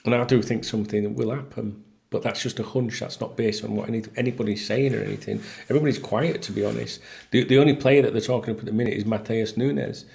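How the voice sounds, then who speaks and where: A man's voice: fairly low pitch, steady tone, fast, creaky, darkish tone. A man talking casually to camera as a football fan vlogger, blunt and exasperated, swearing freely. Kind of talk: casual solo talk to camera.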